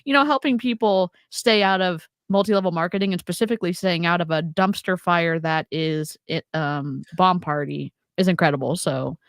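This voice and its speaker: A woman's voice: lowish voice, moderate pace, hardly any pauses, no room sound, studio quality. Chatty woman. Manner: chatty, laughs often, filler-heavy. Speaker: host. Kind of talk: casual chat on a video call.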